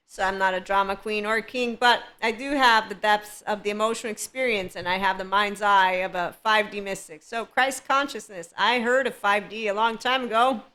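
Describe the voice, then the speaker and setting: A woman's voice: mid-range voice, steady tone, normal speed, hardly any pauses, pushed and bright. A woman hosting a spiritual self-help podcast, talking in a playful, rambling way and laughing often. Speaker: podcast host.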